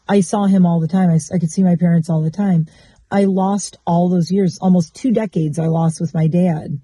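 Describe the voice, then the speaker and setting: A woman with a very dark, mellow voice muses openly about her life in a confessional vlog. She rambles and circles back on her thoughts in a candid, reflective way. The sound is close and dry, with no room around it. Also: on the low side, fairly even intonation, moderate pace, dry recording. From Michigan. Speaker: vlogger.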